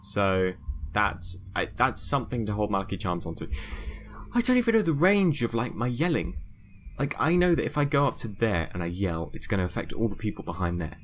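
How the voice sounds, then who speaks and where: A man's voice: fairly quick, a little hiss or hum. Chatty guy narrating gameplay. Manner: chatty, muttering to himself, excitable with squealing highs. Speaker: gameplay commentator. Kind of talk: let's play commentary.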